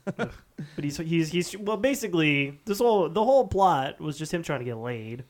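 Man, slightly higher pitch, podcast co-host, casual, profane, laughs a lot. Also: animated, normal speed. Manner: laughing, profane, asks questions. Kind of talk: casual chat.

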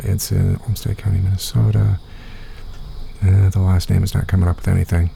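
A podcast host with a Midwestern American accent chats casually, rambling and thinking aloud as he searches things up online. His low, gravelly, husky voice is warm, fairly flat in pitch, and moderately paced, with faint music behind him.

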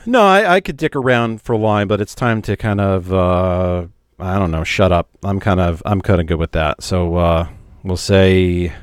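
A man's voice: deep voice, fairly even intonation, moderate pace, clear, resonant tone, dry recording, clean studio sound. A man co-hosting a podcast in casual, laid-back, joking banter. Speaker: podcast co-host.

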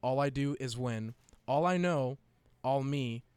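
A young man in casual chat, reading a long list out loud and often breaking into giggles. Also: mid-range voice, unhurried, clean tone, dry recording.

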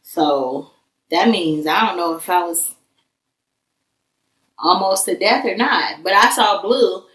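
A woman's voice: on the low side, takes it slowly, long pauses, a bit bright, distant mic. A woman frankly sharing her life story in a casual, emphatic conversation. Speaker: guest. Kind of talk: candid personal conversation. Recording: echoey room, voice a bit off-mic.

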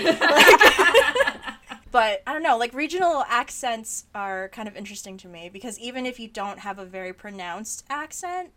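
A woman guest on a podcast, telling relaxed anecdotes in casual chat, laughing as she goes. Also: on the high side, moderate pace, heavy background noise. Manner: laid-back, anecdotal, laughing.

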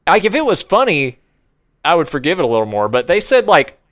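A young man in casual chat, telling a story in an animated way and laughing often. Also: on the high side, fairly quick.

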